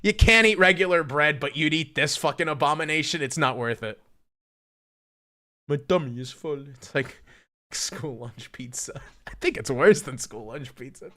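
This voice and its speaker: A man's voice: fairly high pitch, animated, moderate pace, bright, forceful tone. A young man streaming live, ranting in a profane, mocking, incredulous way. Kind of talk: casual livestream rant.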